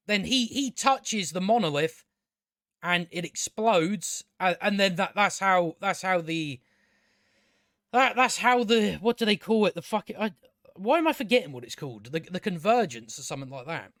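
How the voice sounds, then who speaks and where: A man hosting his own channel gives a rambling, exasperated, profane casual review of a TV show. His voice is high-pitched and a bit bright, with clean studio sound and no room echo.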